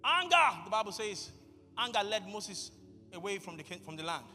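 A man preaching with a high, bright voice that keeps jumping into shouts, acting out his talks with God. He sounds like he's in a big reverberant hall, with faint music behind him. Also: very animated, normal speed. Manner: acts out dialogues with God. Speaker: pastor. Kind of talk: sermon.

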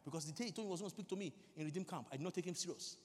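A man preaching a sermon, switching between earnest teaching, stammering mimicry and quiet prayer in tongues. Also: high-pitched, racing, big-room sound.

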